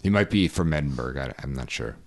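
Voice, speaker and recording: A man's voice: very deep voice, lively intonation. A man co-hosting a podcast in casual chat, answering drily and bluntly. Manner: dry, blunt, quick to dismiss. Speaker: podcast co-host.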